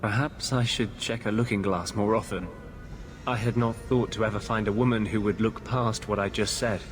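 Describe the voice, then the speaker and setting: Man playing a haunted game mage, grave, intense, somewhat low voice, earnest. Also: steady tone, normal speed, over music, close to an everyday voice. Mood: grim. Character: brooding male mage haunted by a vengeful spirit. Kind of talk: video game dialogue.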